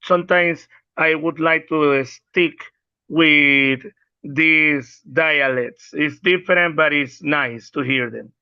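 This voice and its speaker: A man student speaks slowly and politely in a fairly high, smooth voice. The call audio is dry and a bit dull. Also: no echo. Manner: polite and measured. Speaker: class student. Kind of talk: casual chat in a class. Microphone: video call.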